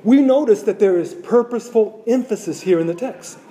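A man delivers a sermon in a high, mellow voice. He repeats key phrases for emphasis and poses rhetorical questions to his listeners. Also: expressive, fairly quick. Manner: repetitive, rhetorical questions to congregation. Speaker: preacher.

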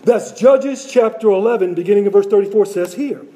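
A man delivers a sermon in a high, mellow voice. He repeats key phrases for emphasis and poses rhetorical questions to his listeners. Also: fairly quick. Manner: repetitive, rhetorical questions to congregation. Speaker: preacher.

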